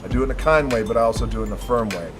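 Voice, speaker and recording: A man answers a question in a firm, blunt way and swears without hesitation. His voice sits in a middling register. Clear music runs under his words throughout. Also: medium pitch, rapid-fire. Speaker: interview guest. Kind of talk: motivational interview answer.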